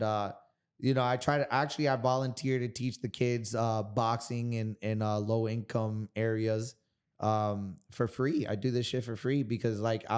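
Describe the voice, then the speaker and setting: A man in his thirties from Miami, a guest telling stories in a casual interview, animated and profane. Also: medium pitch, clean tone. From Miami, Florida. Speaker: guest kickboxer.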